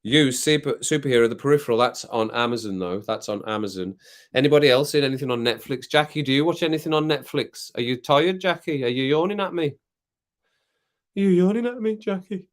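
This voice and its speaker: Speaking fast at a medium pitch, this British man runs a laid-back live stream late at night. He rambles and jokes with his audience, reads their comments out loud, laughs a lot, and drinks rum between occasional coughs.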